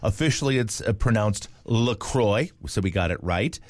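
A man's voice: on the low side, a little fast, no room sound. A man, co-hosting a casual radio chat with playful banter. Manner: playful, lively banter with filler words. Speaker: radio co-host.

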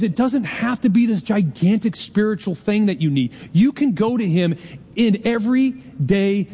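A man in his forties delivers a sermon in a slightly high voice, chatting and joking with the congregation between points. His voice rings out with a long reverb, as in a large church sanctuary. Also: warm tone. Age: 40s. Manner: conversational preaching, jokes with the congregation, quick asides. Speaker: pastor.

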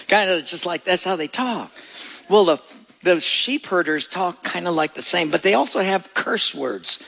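A man preaching a sermon as pastor, storytelling and acting out voices in his anecdotes, with a gravelly voice. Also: high-pitched, lively intonation, normal speed, fairly bright tone. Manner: storytelling, acts out voices in quoted jokes. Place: church sanctuary. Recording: long reverb of a large hall.

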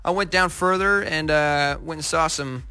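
Bright-voiced upbeat young American man. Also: on the high side, normal speed, clean tone. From United States, near Seattle. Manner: enthusiastic, rambling with fillers and restarts. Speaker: guest, pop singer. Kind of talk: casual interview.

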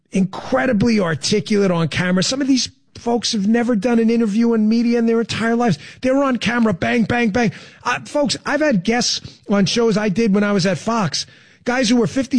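Fired-up high-voiced male talk host. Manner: fired-up, emphatic, swings between loud bursts and low asides. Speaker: radio and podcast host. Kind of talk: opinionated political talk show. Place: studio with a co-host.

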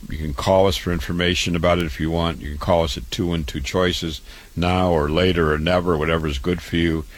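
With a low voice, a steady tone, and a slightly quick pace, a doctor pitches his clinic in a promotional health talk. His delivery is repetitive, moving from one listed item to another.

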